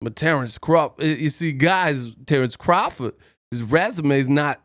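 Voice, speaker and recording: A man's voice: on the high side, expressive, a little slow, fairly bright tone, no room sound, clean studio sound. A man hosting a boxing live stream, joking and laughing often as he does impressions. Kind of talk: casual live-stream commentary.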